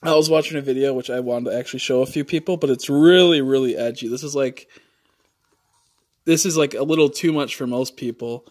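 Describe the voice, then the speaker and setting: A man's voice: medium pitch, fairly quick, a little mellow. A man livestreaming, chatting casually and rambling with many fillers and casual swearing.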